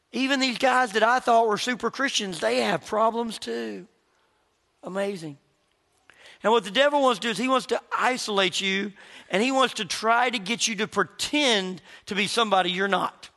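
A man preaching a sermon as pastor, telling personal stories in an animated way and acting out the voices of the people he quotes. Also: sits high, normal speed, creaky, big-room sound.

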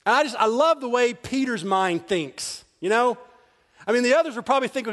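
A man, a pastor, preaching a sermon with animated storytelling and frequent laughter. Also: extremely high pitch, fairly quick. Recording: long reverb of a large hall.

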